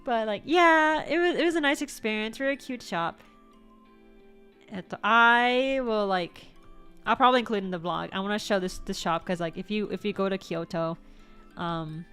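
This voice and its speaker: A woman's voice: medium pitch, moderate pace, fairly bright tone, clear, resonant tone, faint music behind. A woman VTuber chatting casually about things she bought, rambling and correcting herself as she goes, with the odd swear word. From United States. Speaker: VTuber vlogger. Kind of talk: casual show-and-tell chat.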